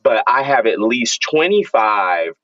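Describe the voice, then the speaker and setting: Lively young man, muffled lo-fi sound. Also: mid-range voice, unhurried, no echo. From Jacksonville, Florida, US. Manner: animated storyteller with lively, emphatic slang. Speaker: vegan content creator, guest. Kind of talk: casual conversational chat.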